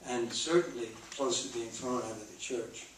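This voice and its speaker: A man's voice: medium pitch, moderate pace, a little hiss or hum. An older actor speaking as a guest in an on-stage Q&A, reminiscing and restarting his sentences often. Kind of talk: on-stage Q&A with a film audience. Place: theater stage before an audience. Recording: echoey hall, mic from far off.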